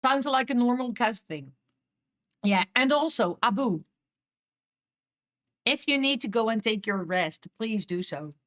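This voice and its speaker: A woman's voice: fairly high pitch, animated, unhurried, pauses often, a bit bright. A woman with a Dutch accent chatting casually with viewers on a live stream, laughing often and repeating herself as she talks.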